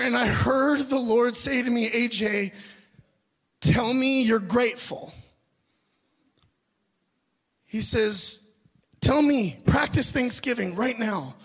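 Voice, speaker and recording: A man's voice: very high voice, fairly bright tone. A young adult man preaching a sermon, telling a personal story earnestly and asking the audience questions. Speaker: pastor.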